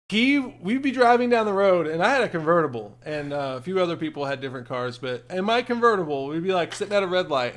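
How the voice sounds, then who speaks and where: High, lively-voiced man telling a story. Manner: animated, excitable storyteller. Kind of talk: casual storytelling chat.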